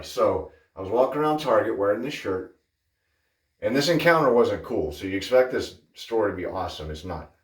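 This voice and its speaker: Casting note: low-pitched male vlogger, chatty and digressive, recorded from a distance in an echoey bathroom. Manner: chatty, digressive, animated when telling stories. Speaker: wet shaving channel host. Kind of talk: casual rambling chat. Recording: roomy sound from off-mic.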